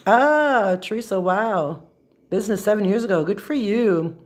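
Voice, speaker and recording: A woman in her sixties from Canada talks loosely into her phone during a live stream. She reads out viewers' comments and answers as she goes, rambling and restarting her sentences. Her pitch sits in the middle for a woman. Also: lively intonation, moderate pace, darkish tone. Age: 60s. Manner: chatty, rambling, frequent restarts. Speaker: vlogger answering live chat. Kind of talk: casual live-stream chat.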